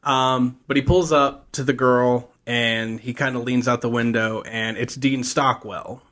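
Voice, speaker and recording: A man's voice: medium pitch, fairly even intonation, a little slow, a bit bright. A young man co-hosting a podcast, casually retelling an old TV show's plot at a loose, rambling pace and slipping into the characters' lines as he goes. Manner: rambling storyteller, acts out scenes. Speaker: podcast co-host. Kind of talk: casual chat recapping a TV show.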